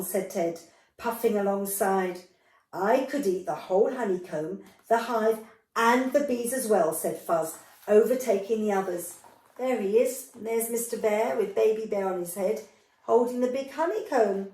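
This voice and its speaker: A woman's voice: mid-range voice, measured pace, darkish tone. A woman reading a picture book aloud to young children, giving the characters livelier voices and adding chatty asides. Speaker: storyteller. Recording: echoey room, voice from a distance.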